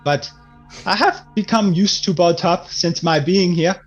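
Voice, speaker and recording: A man's voice: high voice, unhurried, muffled recording, faint music behind. A man role-playing his character in a tabletop game, speaking formally and getting flustered. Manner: formal, polite, easily flustered. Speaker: player.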